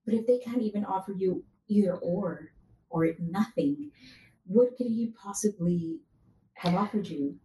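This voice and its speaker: A woman's voice: medium pitch, unhurried. A young woman telling stories animatedly in a casual chat, acting out what people said. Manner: animated storyteller, acts out quotes. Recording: echoey room with faint background hum.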